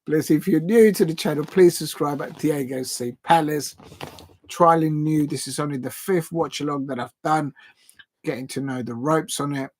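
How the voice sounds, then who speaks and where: Man, streamer type, excitable live football commentary with a slightly gravelly edge and casual slang. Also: a little high, moderate pace. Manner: rambling and excitable, with frequent restarts and self-corrections; casual slang, chatty asides to viewers. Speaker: football watch-along streamer.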